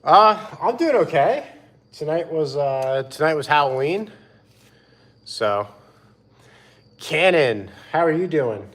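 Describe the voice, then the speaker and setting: A man hosting a live stream outdoors, chatting in a relaxed way and greeting viewers by name. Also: a little high, slow pace, pauses often. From Pennsylvania. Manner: laid-back, answers chat by name. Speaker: livestream host. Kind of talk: casual live-stream chat.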